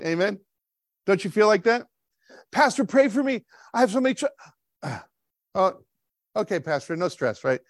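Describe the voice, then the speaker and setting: A man's voice: a little high, no room sound, studio quality. A man preaching a sermon in a church in a conversational way, often checking in with the congregation with "right?" and acting out quoted voices. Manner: conversational, frequent "right?" tag questions, acts out quotes. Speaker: pastor.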